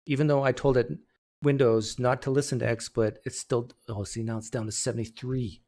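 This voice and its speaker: A man's voice: mid-range voice, flat delivery, moderate pace, a little mellow. A man in his own streaming setup talks into a desk mic, trading sarcastic jokes with his chat as he tries to fix the volume. His voice sits in an ordinary middle register, and his delivery is loose and off-the-cuff. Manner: sarcastic, joking while fixing mic settings. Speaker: host. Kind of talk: casual livestream chat. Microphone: desktop streaming mic.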